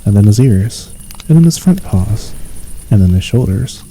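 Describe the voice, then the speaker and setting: A man reading a storybook aloud as a soft ASMR sleep story, calm and unhurried. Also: fairly low pitch, slight background noise, poor audio. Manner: calm, unhurried, lightly voicing each figure. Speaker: audiobook reader.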